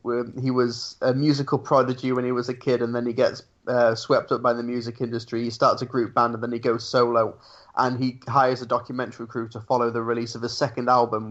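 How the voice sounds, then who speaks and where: A man's voice: mid-range voice, a bit bright. A man from the United Kingdom chatting casually on a podcast, rambling and hesitant with many ums. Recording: dull lo-fi audio.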